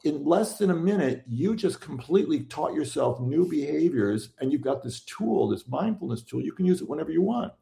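A man's voice: on the high side, expressive, a little fast, vocal fry, hardly any pauses, dark tone, roomy sound. A man, a therapist and author, chatting casually and telling stories with quoted dialogue. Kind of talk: casual conversation.

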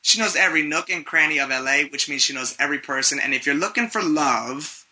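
A man's voice: fairly high pitch, fast, pushed and bright. A man hosting a talk radio show, interviewing a guest in an upbeat, promotional way. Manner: upbeat, promotional, plugging websites.

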